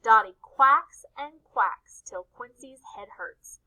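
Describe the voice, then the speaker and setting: A woman teaching an alphabet lesson to small children, slow and sing-song with lots of encouragement. Her voice is high and lively, with a very bright tone. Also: poor audio. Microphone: home recording.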